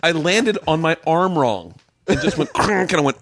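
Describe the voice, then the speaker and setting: A man's voice: on the high side, normal speed. A man hosting a casual comedy podcast, joking around and laughing often as he talks. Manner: joking, laughs a lot, lively delivery. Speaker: podcast host. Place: hotel room.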